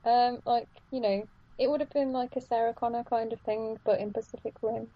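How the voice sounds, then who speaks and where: A woman's voice: a little high, steady tone, fairly quick, dull audio. A woman co-hosting a casual chat, rambling with many restarts and frequent laughs.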